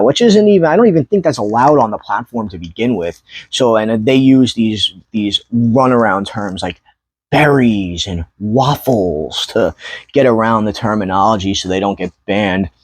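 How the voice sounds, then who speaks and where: A man's voice: on the low side, no echo. Fired-up man ranting into a dry mic. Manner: angry, profane rant with rising outbursts. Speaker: YouTuber ranting about trading card sellers. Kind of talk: heated commentary vlog.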